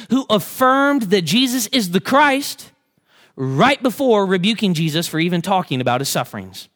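A man preaching a sermon as pastor, swinging between slow hushed verse readings and fervent, rising appeals. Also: big pitch swings. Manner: builds to fervent, high-pitched emphasis; drops to slow, hushed tones on key verses.

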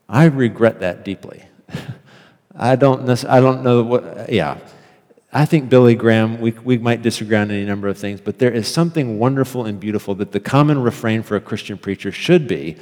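A man's voice: medium pitch, normal speed, a little mellow, long reverb tail. A man giving an earnest, emphatic theology lecture and repeating phrases for effect.

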